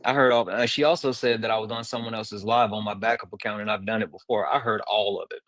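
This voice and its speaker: A man co-hosting a live debate panel, talking in a loud, teasing way. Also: fairly low pitch, steady tone, fast, no echo. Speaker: live stream panel co-host. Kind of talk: casual debate chat.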